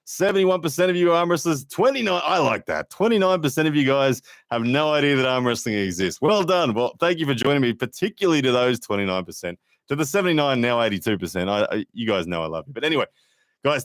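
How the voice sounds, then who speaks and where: A man's voice: mid-range voice, no room sound, clean studio sound. A man hosting a casual live stream, chatting to viewers and reading out their comments with frequent fillers. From Australia. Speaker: livestream host and arm wrestler.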